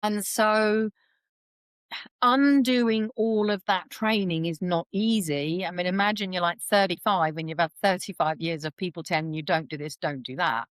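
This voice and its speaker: A woman's voice: mid-range voice, fairly even intonation, moderate pace, clean tone, no room sound. A woman, a guest explaining things chattily in a podcast interview and acting out quoted voices as she goes. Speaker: intuitive reader, podcast guest.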